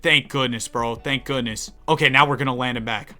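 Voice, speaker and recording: A young man narrating his basketball game run in a loose, chatty way, his voice bright and forward. He drops into mutters, then jumps into loud bursts. Soft music runs faintly underneath. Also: mid-range voice, a little fast, hardly any pauses. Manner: excitable, swings between grumbling and loud outbursts. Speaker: gaming YouTuber. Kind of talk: casual gameplay commentary.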